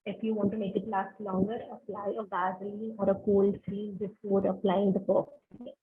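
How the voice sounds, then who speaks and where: A woman's voice: medium pitch, level tone, normal speed, a little hiss or hum. A woman from India teaching a webinar on personal presentation, giving direct instructive tips. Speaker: webinar trainer. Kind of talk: online training lecture. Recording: tinny phone-line webinar audio.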